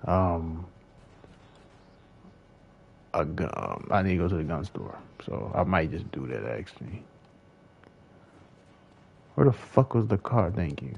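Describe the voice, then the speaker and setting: A man's voice: low-pitched, sing-song, takes it slowly, vocal fry, long pauses, husky, dull audio. A young man giving casual gameplay commentary, frustrated and swearing as he talks to himself. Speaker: gaming streamer.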